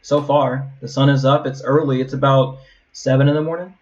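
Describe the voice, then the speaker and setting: A man narrating as game master of a tabletop game in a relaxed, conversational way. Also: mid-range voice, a little fast, dull audio.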